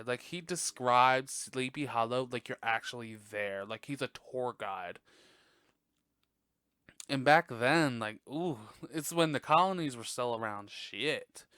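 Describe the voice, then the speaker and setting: A man hosting a podcast, chatting casually and profanely about a classic animated film, laughing often. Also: medium pitch, smooth, dry recording, studio quality. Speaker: podcast host. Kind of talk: casual movie review chat.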